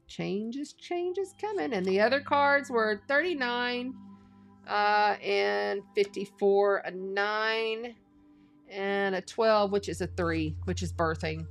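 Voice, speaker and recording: Casual woman giving a tarot reading. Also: mid-range voice. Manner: casual, earnest spiritual encouragement; reads card meanings aloud slowly. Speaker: astrology and tarot reader.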